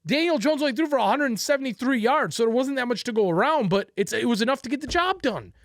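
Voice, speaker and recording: A man rants about football on a podcast, swearing freely and hammering each point home. His voice swings widely in pitch as he builds and drops. The sound is dry and close, with no room around it. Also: expressive, quick pace, fairly bright tone, no echo. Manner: profane, ranting, emphatic. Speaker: sports podcast co-host. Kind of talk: heated sports talk.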